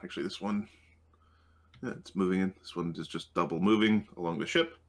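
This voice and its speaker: A low-voiced man speaks quickly and in a steady tone while acting as game master for a tabletop game. He talks through rules and rolls hesitantly, filling his speech with ums as he works things out aloud.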